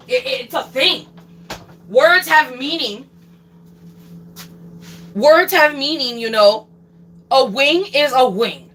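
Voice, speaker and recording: A woman's voice: high voice, pushed and bright, slight background noise, poor audio. A young woman ranting casually on a livestream, swearing a lot and repeating herself for emphasis.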